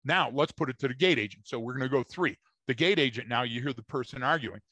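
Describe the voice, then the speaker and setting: A man of ordinary pitch talks through his points on a podcast, emphatic and a little lecturing, often turning to the listeners. The recording is close and dry, with no room sound. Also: fast talker, pushed and bright, dry recording. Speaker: podcast co-host. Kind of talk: casual podcast discussion.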